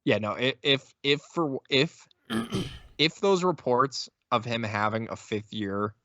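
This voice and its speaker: A man's voice: mid-range voice, expressive, slow pace, a bit bright, no room sound, dull audio. Exasperated man co-hosting a sports podcast. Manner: exasperated, stammering restarts. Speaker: podcast co-host. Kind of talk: casual sports podcast chat.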